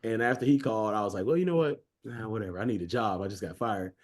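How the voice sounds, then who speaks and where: A man presenting a webinar, telling a career story in a casual, lively way, acting out the dialogue of the people in it and poking fun at himself. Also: on the low side, quick pace. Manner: lively storyteller who acts out quoted dialogue; casual and self-mocking, addresses listeners directly.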